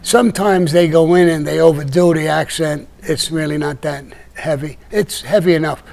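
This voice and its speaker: A man's voice: fairly high pitch, steady tone, moderate pace, vocal fry, a little mellow. An older man with a Brooklyn accent, telling stories in a rambling, casual way full of restarts. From Brooklyn, New York. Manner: rambling, with many restarts and "you know". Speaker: podcast guest telling stories. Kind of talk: casual storytelling chat.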